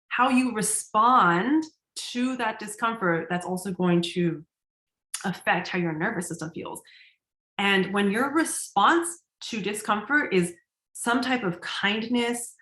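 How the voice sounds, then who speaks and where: A woman teaching in a relaxed, conversational way, full of "like" and casual swearing. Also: mid-range voice, slow pace. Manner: conversational, heavy use of "like", swears casually, laughs often. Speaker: coach. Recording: roomy echo.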